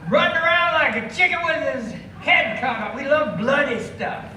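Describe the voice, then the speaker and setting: An American man performing a live stand-up routine, drawing out his words and breaking into shouts. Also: extremely high pitch, animated. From United States. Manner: drawn-out, emphatic delivery, bursts of shouting. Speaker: stand-up comedian. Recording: echoey venue, mic from a distance, ambient noise.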